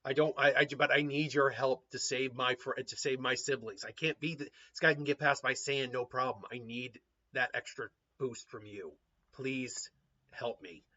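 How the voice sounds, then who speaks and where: A man voicing a quiet, earnest young male ninja who speaks softly and low. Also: fairly even intonation, moderate pace, lo-fi sound.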